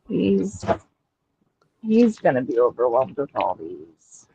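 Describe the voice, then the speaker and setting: A woman's voice: a bass voice, sing-song, takes it slowly, gravelly. A woman chats easily on her livestream, drawling and teasing her friends. Her audio is dull and lo-fi, with a faint hiss underneath. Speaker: livestream host. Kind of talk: casual stream chat.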